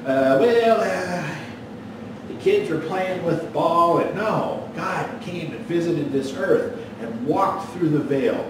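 A man's voice: a little high, lively intonation, takes it slowly, heavy reverb, distant mic, noisy background. A man preaching a sermon as pastor, folksy and storytelling, with a joke that he acts out in voices. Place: church sanctuary.

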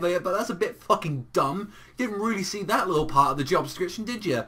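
A man's voice: high-pitched, animated, fast, bright, forceful tone, slightly rough. A young man reviewing an anime episode in a casual, exasperated rant full of swearing.

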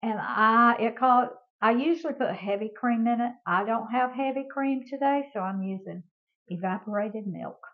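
A woman's voice: on the high side, normal speed, phone-quality sound. An older woman, hosting a casual home cooking demonstration in a chatty, homey way and talking to her viewers as y'all. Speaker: cooking show host.

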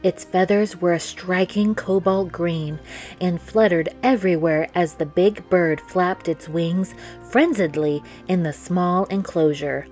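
A woman reading a children's picture book aloud, narrating in a slow, gentle storytelling manner. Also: on the low side, soft background music. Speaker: storytime reader.

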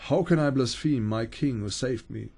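A steadfast old bishop, read aloud by a man in his everyday voice, makes firm, measured declarations. He is calm and unyielding under threat. The voice sits at a middle pitch for a man. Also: creaky, slightly rough.

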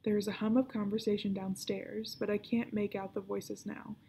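Woman, librarian, children's book read-aloud, hushed whispery narration, gravelly. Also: medium pitch, level tone, normal speed, a little hiss or hum.

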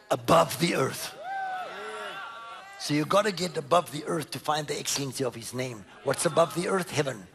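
A man preaching a sermon, reading scripture aloud and commenting on it with emphatic swings between loud declarations and low murmurs. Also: gravelly.

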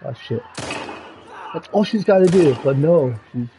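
A man with a high, animated voice streams a video game live. He curses and shouts at the screen, begging the characters to move and open doors. His frustration carries through his commentary. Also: a little slow, slight background noise. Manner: profane, yells and pleads at the game. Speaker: gamer streamer.

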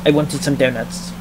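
A man giving excitable gameplay commentary, yelling in frustration and rambling. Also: a little high, very noisy. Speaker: gaming YouTuber.

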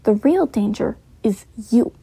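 A woman's voice: on the high side, lively intonation, a little slow, vocal fry, dark tone, slightly rough, full character voice. A woman voicing a controlling middle-aged mother who speaks in dramatic, accusing lines. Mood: cold.

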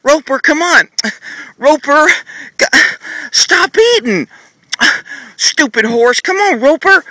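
A whiny, exasperated horse owner pleading with a horse that ignores him, as a man puts him on. The voice is pushed high and sounds very bright and dry. It is caught outdoors in a paddock on a phone camera. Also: animated, extremely slow, long pauses, no echo, exaggerated voice. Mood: exasperated nagging. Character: whiny frustrated horse owner nagging his horse. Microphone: phone camera held while filming.

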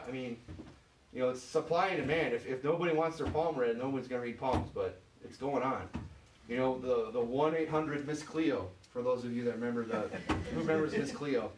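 A male pastor from Michigan preaching loosely and conversationally, peppering his talk with "you know" and questions to the pews. His voice sits at an ordinary middle pitch and is picked up from a distance, ringing around a reverberant church room with a faint hiss underneath. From Michigan, USA. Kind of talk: informal sermon. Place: church sanctuary. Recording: echoey church, voice from far off.

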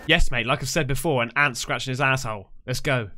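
Man, reaction host, excitable, slangy, swears freely, bright tone. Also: medium pitch, fairly quick, slight background noise. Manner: calls everyone mate. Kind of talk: casual reaction commentary.

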